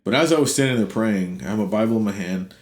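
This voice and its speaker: A middle-aged man earnestly retelling a personal story as an interview guest, animated one moment and low and quiet the next. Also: fast talker. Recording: roomy echo.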